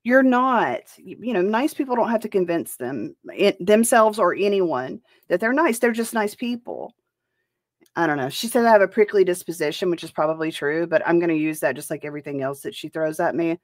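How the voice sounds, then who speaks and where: A woman's voice: on the low side, animated, fairly quick, no echo, clean studio sound. A woman hosting a reaction commentary show, talking in a blunt and profane way. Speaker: host.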